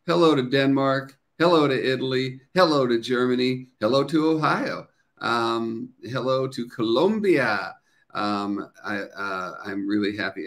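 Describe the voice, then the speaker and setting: A man's voice: mid-range voice, animated, a little slow. A middle-aged man hosting a casual livestream, chatting upbeat with viewers, greeting them and reading their comments aloud with plenty of fillers. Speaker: livestream host.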